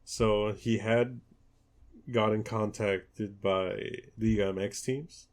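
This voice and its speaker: A man hosting a football podcast in casual chat, relaxed and hesitant, with many ums and restarts. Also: fairly low pitch, takes it slowly. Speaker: podcast host.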